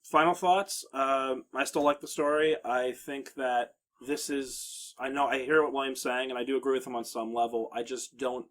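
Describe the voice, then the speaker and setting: A man's voice: mid-range voice, steady tone, normal speed, hardly any pauses, a bit bright. A man hosting a casual podcast chat, hesitant and hedging as he talks. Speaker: podcast host.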